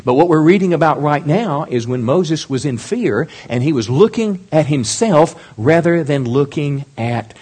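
A middle-aged male pastor preaching a sermon in a lively way, often asking the congregation questions. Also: on the high side, moderate pace, hardly any pauses, slightly rough.

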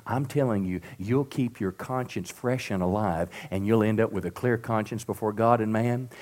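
A middle-aged man preaching to a church congregation, swinging from loud emphatic peaks to soft drops and calling out to the crowd for responses. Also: on the low side, moderate pace. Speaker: pastor. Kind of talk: sermon. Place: church sanctuary.

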